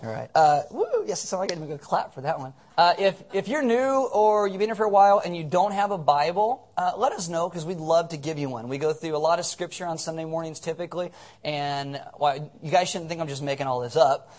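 A man's voice: on the high side, fast, a little mellow. A man leading a church service as pastor, rambling and joking through announcements while drowsy on cold medicine. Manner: rambling, joking, self-mocking. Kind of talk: casual sermon with announcements.

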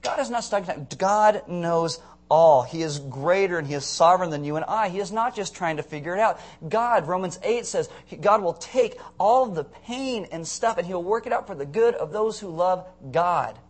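A man preaching a sermon as a pastor, telling stories with jokes and asides to the congregation in a quick, conversational way. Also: sits high. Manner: animated storytelling with jokes and audience asides.

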